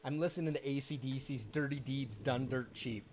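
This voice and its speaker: A man's voice: mid-range voice, moderate pace, few pauses, darkish tone, slight background noise. A man chatting casually while streaming a game, rambling and candid, with bitter, sarcastic asides. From United States. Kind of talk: casual live-stream chat.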